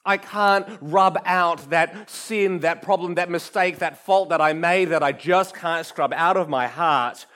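An earnest man delivers a sermon in a notably high voice. He preaches with emphasis, building his points and then letting key words fall to a quiet hush. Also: unhurried, few pauses. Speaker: pastor.

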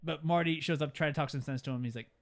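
Man, young adult, casual recap, animated storytelling, acts out quotes. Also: on the high side, fast talker. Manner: animated retelling with quoted character voices. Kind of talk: casual movie recap chat.

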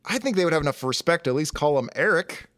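Man, podcast co-host, casual chat, jokey, swears, higher voice, dry sound. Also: expressive, fast talker, fairly bright tone, no echo. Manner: joking, swears freely, laughs often. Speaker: podcast co-host recapping a story.

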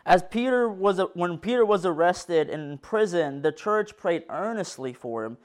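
A man delivers a sermon in a fairly high, smooth and resonant voice. He reads scripture aloud earnestly, pressing some phrases harder and letting others drop low. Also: animated, a little slow. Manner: earnest preaching that reads scripture aloud, rising and falling in force. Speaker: preacher.

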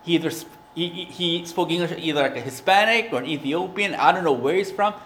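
A man's voice: a little high, fast, fairly bright tone, echoey room, slight background noise. A man preaching a sermon, earnest and conversational, with a prayer and a personal story. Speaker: pastor.

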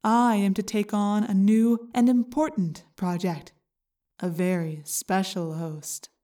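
Woman doing a smug alien slug guy, slow and taunting, kinda hushed, audiobook. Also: mid-range voice, steady tone, far from the mic, lightly acted. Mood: gloating. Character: gloating male alien slug parasite, cold and mocking. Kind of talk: audiobook character reading.

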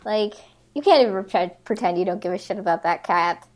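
A woman's voice: medium pitch, a little fast. Easygoing woman podcast co-host. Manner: relaxed, agreeable, lots of fillers and backchannel. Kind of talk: casual chat.

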